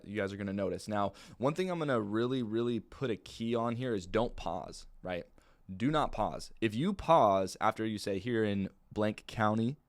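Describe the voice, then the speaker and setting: Low-voiced relaxed male sales trainer. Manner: relaxed, plain-spoken, many fillers. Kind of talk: casual training talk.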